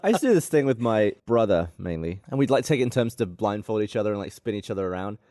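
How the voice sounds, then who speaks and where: A man's voice: lowish voice, animated, fast, darkish tone, no echo, studio quality. A man telling a playful childhood prank story in casual chat.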